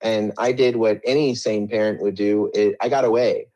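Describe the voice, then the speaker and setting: A man's voice: on the low side, fairly even intonation, normal speed, warm tone, lo-fi sound. A middle-aged man telling his story in an interview, rambling with many restarts and a defensive edge.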